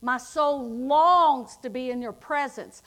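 A middle-aged woman delivers a sermon in a high voice. She takes her time, drawing out the scripture lines and then pressing her points with emphatic force. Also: fairly bright tone. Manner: slow, drawn-out scripture reading, rising to emphatic declarations. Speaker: preacher.

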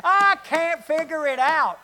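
A pastor preaching a sermon, swinging from loud, rising calls to hushed, low asides, with mains hum behind. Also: male voice, unhurried, rough recording.

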